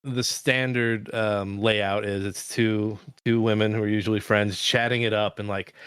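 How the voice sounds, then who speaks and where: A man's voice: on the low side, level tone, normal speed, fairly bright tone, clear, resonant tone, dry recording, studio quality. A man co-hosting a podcast, chatting casually about a movie, rambling with restarts and swearing freely. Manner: swears freely and laughs while talking; rambling, many restarts and fillers. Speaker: podcast co-host. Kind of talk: casual chat.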